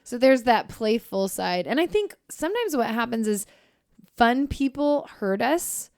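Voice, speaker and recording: Bubbly lady cohost chatting, bit high voice, dry close sound. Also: unhurried, dry recording. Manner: bubbly, animated, laughs easily. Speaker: podcast co-host and counselor. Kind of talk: casual chat.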